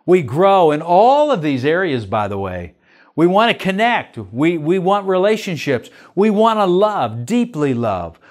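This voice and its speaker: An older man, a pastor, teaching a church lesson in an earnest way, asking many questions. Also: on the high side.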